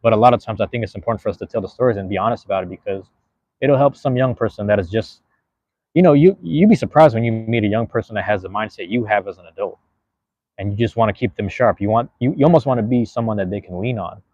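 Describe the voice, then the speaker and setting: This young podcast host and live streamer from the US West Coast speaks quickly in a lowish, darkish voice, rambling casually with street slang and plenty of cursing. The audio is dull, with no room sound.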